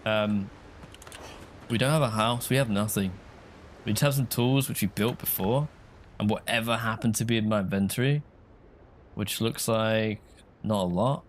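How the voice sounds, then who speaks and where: A man's voice: lowish voice, moderate pace, long pauses, slight background noise. A man chatting casually while he streams a game, rambling and answering viewers' comments. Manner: chatty, rambling, reads chat aloud.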